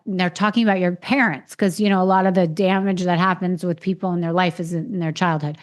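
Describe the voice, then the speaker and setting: A woman's voice: fairly low pitch, fairly even intonation, fast, hardly any pauses. Woman host telling a raw personal story. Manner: frank, swears freely, retells with quoted voices. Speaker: podcast host.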